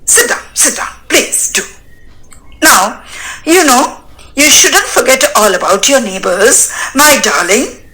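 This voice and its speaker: An effusive older male landowner from a stage play, as a woman reads the part. He rambles, tacks "and so on" onto his sentences and showers his guest with endearments. The voice is high and animated, slow-paced and bright. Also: exaggerated voice, low-quality recording. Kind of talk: dramatic reading of a stage play.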